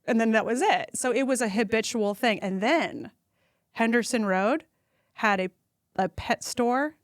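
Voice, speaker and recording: A woman, a podcast guest telling funny stories and acting out quotes in a high voice. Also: measured pace, dry recording, clean studio sound. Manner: animated storyteller who acts out quotes in a high voice. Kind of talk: casual storytelling chat.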